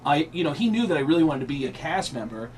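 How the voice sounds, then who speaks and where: Comedian guest, a man in his thirties, a bit high-voiced, loose and chatty on radio. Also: sing-song, fast, a little mellow, a little hiss or hum. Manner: chatty, breezy storyteller with frequent fillers. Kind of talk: telling stories in a radio interview.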